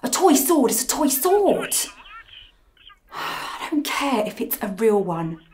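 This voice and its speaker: A woman's voice: on the high side, very animated, slow pace, darkish tone, a little hiss or hum. A woman playing a foul-mouthed, exasperated treasure hunter who argues and swears. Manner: exasperated, sweary, arguing on a call.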